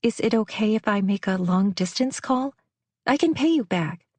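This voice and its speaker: A woman's voice: mid-range voice, animated, normal speed, darkish tone, dry recording, pitched above the performer's own voice, natural voice. A woman voicing a polite, earnest young woman who speaks shyly. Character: young woman, polite, shy, runaway bride.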